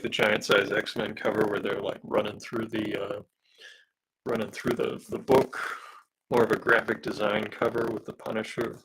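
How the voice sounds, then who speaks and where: A man with a low, gravelly, very raspy voice, hoarse from smoke. He rambles casually through a live drawing stream with lots of ums and pauses, reading viewer comments aloud. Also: a bit bright, low-quality recording. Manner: rambling, hesitant, many fillers, reads out viewer comments. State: losing his voice from smoke. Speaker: comic artist streaming a live drawing session.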